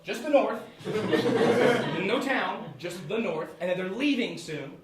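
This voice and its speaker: A young American man telling a personal story on stage, animated and laughing as he goes. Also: high-pitched, unhurried. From United States. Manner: animated, laughing between lines. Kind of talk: live storytelling. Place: small theatre with live audience. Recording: echoey room, far from mic, audience.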